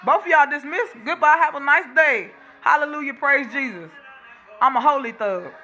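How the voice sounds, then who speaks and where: Bright-voiced woman on a profane rant. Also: high voice, moderate pace, faint music behind. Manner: blunt, profane, fired-up ranting. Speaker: vlogger. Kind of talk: casual monologue to camera.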